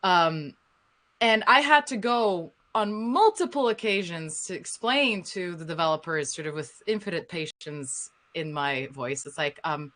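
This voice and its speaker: A woman with a Slovenian accent speaks on a panel in a bright, forceful voice set a little low. She talks frankly and with animated emphasis, pressing her points home. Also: unhurried. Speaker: voice actor, panelist. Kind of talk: panel discussion.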